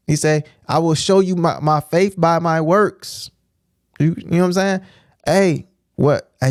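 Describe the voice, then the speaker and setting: Guy with kinda high voice preaching loose on a stream, repeats himself a lot, keeps saying right?, dry close sound. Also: a little mellow, dry recording. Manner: emphatic, repetitive, keeps asking "right?". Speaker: streamer teaching scripture. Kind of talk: informal preaching on a livestream.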